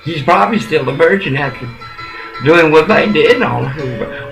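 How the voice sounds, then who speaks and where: A man's voice: fairly high pitch, normal speed, poor audio. A man delivering a rambling, profane, angry monologue that scolds his listeners. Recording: music playing loudly behind. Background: clear music.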